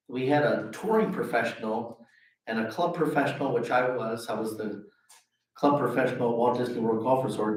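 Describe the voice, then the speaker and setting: A middle-aged man, a golf pro, giving a self-deprecating storytelling speech at a luncheon. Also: mid-range voice. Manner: anecdotal, self-deprecating, animated quotes. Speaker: golf pro, guest speaker. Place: luncheon hall. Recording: echoey hall, voice from far off.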